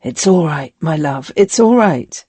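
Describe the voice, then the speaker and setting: A woman voicing a worried, tender male slave and lover from a historical novel, in a gentle reading tone. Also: low-pitched, expressive, unhurried, slightly rough, dry recording, full character voice. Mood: soothing.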